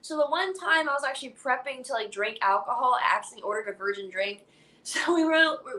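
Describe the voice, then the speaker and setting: A young woman telling a story in casual chat, animated and laughing, acting out other people's lines. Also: sits high, fast talker. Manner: animated, laughing, acts out quotes. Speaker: guest.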